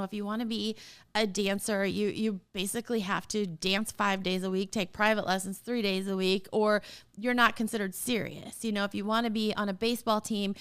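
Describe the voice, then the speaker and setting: A woman in her forties hosting a casual podcast, talking straight to parents in an animated, emphatic way and often laughing. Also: medium pitch, smooth. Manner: talks straight to listeners as a parent. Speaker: podcast host.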